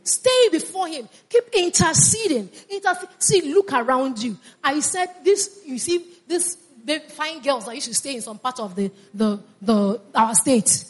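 A woman's voice: high voice, expressive, a little slow, hardly any pauses. A woman preaching a sermon with fervor, repeating phrases and calling on the congregation to answer back. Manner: fervent, repeats phrases, calls on congregation to respond.

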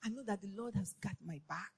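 A woman preaching a sermon to women, passionate and repetitive, firing rhetorical questions and rising to shouts. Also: mid-range voice, fairly quick, creaky, husky.

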